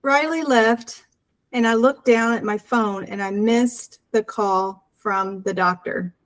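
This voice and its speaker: Woman, interview guest, earnest storyteller who acts out dialogue, voice on the higher side. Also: slow pace, poor audio. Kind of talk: personal storytelling.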